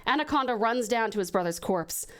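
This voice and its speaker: Expressive Australian woman reading aloud. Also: a little high, a little fast, smooth. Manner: expressive, warmly effusive to chat. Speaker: streamer reading viewer stories. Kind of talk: dramatic storytelling reading.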